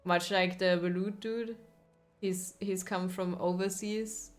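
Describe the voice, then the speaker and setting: A woman's voice: medium pitch, fairly even intonation, slow pace, soft background music. A woman streaming a video game, chatting casually and playfully with her viewers and laughing often. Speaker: gaming streamer. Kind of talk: casual live-stream commentary over gameplay.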